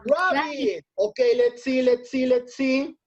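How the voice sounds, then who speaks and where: A woman's voice: high-pitched, unhurried, highs cut off. A woman teaching English vocabulary to children in an online lesson. She is encouraging, repeats phrases and switches into Spanish. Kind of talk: online lesson for young learners.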